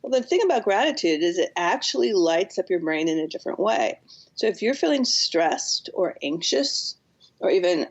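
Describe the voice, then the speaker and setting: A woman's voice: fairly low pitch, expressive, normal speed, dull audio. A woman guest on a podcast, a counselor and author, explaining in an earnest way and sometimes acting out what people say. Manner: earnest, explanatory, acts out quotes. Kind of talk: podcast interview.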